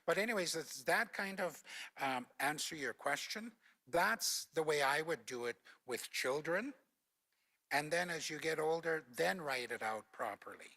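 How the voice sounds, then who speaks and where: A man's voice: a little high, expressive, unhurried, sharp tone. An older man from Alberta, a former Cree teacher, explains language points in a panel talk with patient, instructive anecdotes. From Alberta, Canada.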